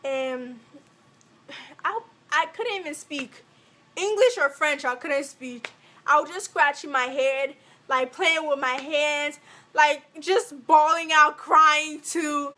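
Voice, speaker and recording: Brief: young woman from Africa, high bright voice, animated storytime vlog delivery. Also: slow. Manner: animated, acts out every quote. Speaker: vlogger.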